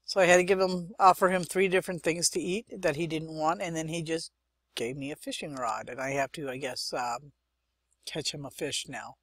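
A woman's voice: deep voice, fairly even intonation, moderate pace, no echo. A young woman hosting a let's-play, chatting and thinking aloud as she plays, with muttered asides. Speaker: gaming channel host. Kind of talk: let's-play game commentary.

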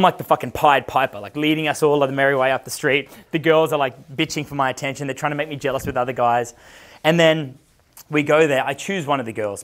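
A man in his thirties with an Australian accent, a dating coach telling a long casual story, swearing constantly and acting out the voices of the people in it. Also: mid-range voice. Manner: profane, animated, acts out quoted voices.

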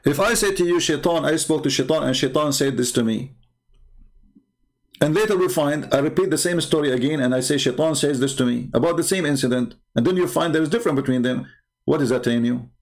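Argumentative man with a gravelly voice. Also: fairly high pitch. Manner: argumentative, halting, many fillers and restarts. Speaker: religious commentator. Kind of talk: unscripted screen-share talk.

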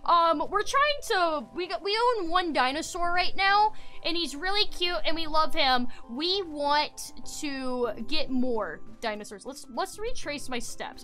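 Excitable woman streamer with a high, bright voice, chatting through gameplay over faint music. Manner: excitable, swings between loud squeals and mutters. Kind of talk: casual gameplay commentary.

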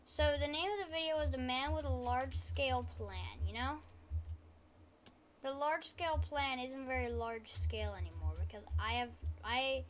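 A woman gaming YouTuber giving casual, rambling gameplay commentary, talking quietly and poking fun at herself, at a desk mic at home. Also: sits high, moderate pace, a little hiss or hum. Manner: rambling, self-deprecating, trying to talk quietly.

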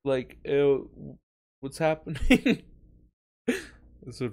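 A man's voice: a little high, measured pace, pauses often. A man streaming a monster-fighting video game live, commentating with lots of swearing, laughter and outbursts at his opponents. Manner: excitable, profane, laughs a lot, talks to the game. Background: game music and sound effects.

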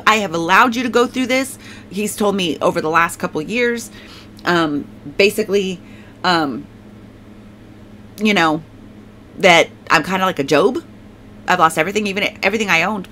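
A woman's voice: lowish voice, pushed and bright, slight background noise. A middle-aged woman giving a personal faith testimony, talking emotionally with many restarts and fillers. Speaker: testimony speaker.

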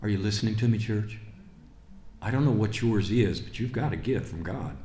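A male pastor preaching a sermon in a church, moving from quiet asides to fervent, rising preaching. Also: fairly low pitch, normal speed. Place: church sanctuary. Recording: roomy church reverb.

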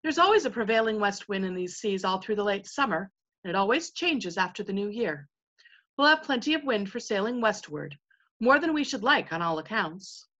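A woman reading as a gruff, matter-of-fact sea captain, bright and lo-fi. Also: medium pitch, sing-song, normal speed. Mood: dismissive. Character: male ship's captain, gruff and experienced.

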